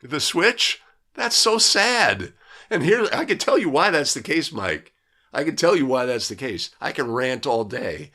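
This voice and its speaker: A man's voice: mid-range voice, very animated, measured pace, bright, forceful tone. A man teaching basketball officials in a live lesson, talking casually, checking in with "right?" and answering viewers' comments. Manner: conversational, keeps asking "right?". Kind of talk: live video breakdown lesson.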